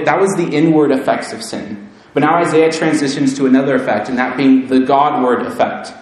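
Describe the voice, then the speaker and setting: Earnest male preacher in an echoey room. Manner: earnest, builds to fervent emphasis, then drops low and solemn. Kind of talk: sermon.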